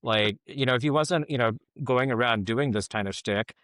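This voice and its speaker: A man's voice: mid-range voice, moderate pace, fairly bright tone, dry recording. A middle-aged man giving casual podcast commentary, rambling and filling his talk with "like, you know".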